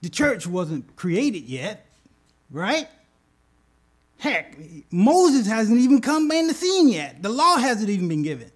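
A man preaching a sermon, retelling scripture with animated bursts and asking the congregation "okay?". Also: high voice, slow pace. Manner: animated, rises loud when acting out scripture; addresses congregation with "okay?" asides. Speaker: pastor.

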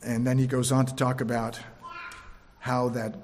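A male preacher giving a sermon, swinging between loud emphatic lines and hushed, slow ones. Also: medium pitch, flat delivery, in a large hall, slight background noise.

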